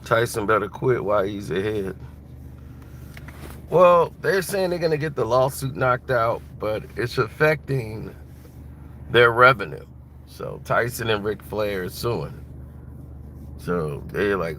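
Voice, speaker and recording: A man's voice: on the low side, lively intonation, slow, long pauses, a bit bright. A man giving blunt, mocking casual commentary while driving. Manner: blunt, mocking, laughs at his own jokes. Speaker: vlogger. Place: inside a car, driving. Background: faint car and road noise.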